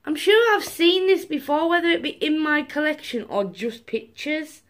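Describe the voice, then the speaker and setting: This young woman vlogger has a high voice and a normal speaking speed. She gushes over gifts she's unboxing in a casual vlog, excitable and chatting to her viewers.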